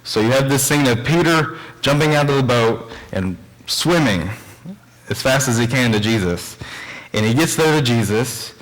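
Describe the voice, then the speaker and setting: A young man gives a church sermon in a plain, mid-pitched voice. He talks in an earnest, conversational way and drifts into storytelling asides between readings of scripture. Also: lively intonation, moderate pace, fairly bright tone, rough recording. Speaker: preacher.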